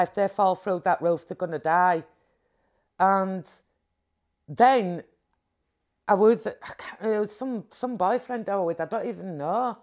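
A woman tells a long story from her own life to an interviewer. She rambles and restarts often, with the animated, candid manner of someone reliving what happened. Her voice sits at an ordinary middle pitch for a woman.

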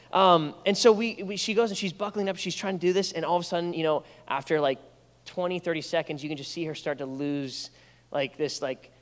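A young man preaches from a church stage in a casual, storytelling way, slipping into playful asides. His voice sits a little high for a man. The sound carries a long reverb from the sanctuary. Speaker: pastor. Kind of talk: sermon.

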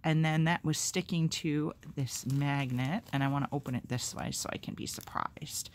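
A woman at home filming fan mail on her phone, chatting casually to the camera, rambling and excitable with self-deprecating humor. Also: low voice, moderate pace, slight background noise. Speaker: vlogger opening fan mail.

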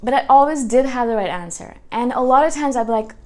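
A woman in her thirties talking in a casual personal vlog. She tells animated stories and often ends her points with a tag question. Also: on the high side, fast talker. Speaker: YouTube host.

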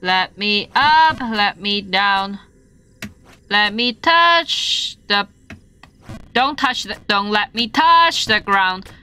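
A woman's voice: medium pitch, lively intonation, very slow, pushed and bright, clear, resonant tone. A young woman streaming a game live, swearing and yelping in frustration as she plays. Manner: swearing, frustrated outbursts and playful yelps. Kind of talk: live gameplay stream chatter.

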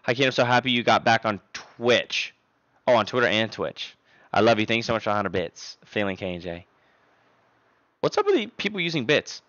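A young man talks to his live-stream chat, his pitch leaping around as he swings from loud outbursts to low mumbles. His microphone sounds dull and lo-fi, and the room is dry and close. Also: big pitch swings, normal speed, dry recording. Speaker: livestreamer.

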